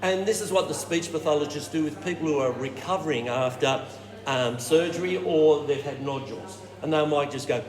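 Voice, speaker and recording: A man leading a choir warm-up workshop, explaining technique and showing it with hums and falsetto sounds. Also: normal speed. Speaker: choir director. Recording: roomy hall with reverb and noise.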